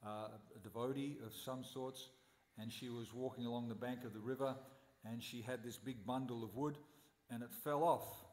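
A man's voice: mid-range voice, fairly even intonation, normal speed, a little mellow, reverberant, long reverb tail. A man giving a scripture class at a temple, telling stories animatedly and posing rhetorical questions. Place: temple hall.

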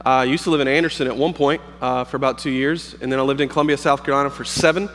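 A man's voice: medium pitch, fairly even intonation, a bit bright, a little hiss or hum. A man in his thirties, a pastor, preaching in a humorous, storytelling way with plenty of fillers and restarts. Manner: joking, storytelling, halting with fillers. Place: campus worship hall. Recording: long hall reverb.

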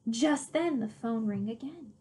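A woman teacher reading a picture book aloud to her class, explaining things clearly and patiently. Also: a little high, lively intonation, measured pace, mellow.

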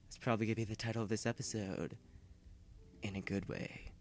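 A man giving casual, rambling gameplay commentary who yells and panics when startled. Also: lowish voice, fairly even intonation, a little fast, soft background music. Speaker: gaming video host.

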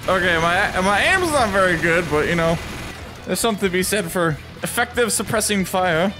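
Excitable male gamer, high and bouncy, commentating over game music. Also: unhurried, pauses often. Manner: excitable, chatty, laughs often. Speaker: gaming YouTuber. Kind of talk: gameplay commentary.

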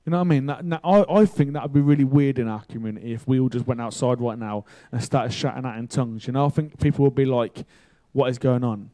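A man preaching a sermon in a casual, chatty way, telling a story with excitable bursts. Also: mid-range voice, quick pace, few pauses. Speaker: pastor.

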